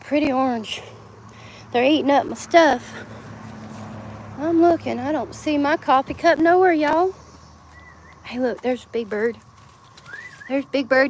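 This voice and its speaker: With a high voice, an unhurried pace and long pauses, a middle-aged woman livestreams casually as she films herself around her home and yard, sometimes outside. She rambles and laughs often, and slight background noise is audible.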